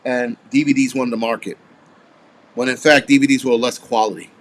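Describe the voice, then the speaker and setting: Here a forties-aged streamer keeps things loose, cursing and wandering off topic while he responds offhandedly to what viewers type. He speaks briskly in a medium pitch with fairly even intonation.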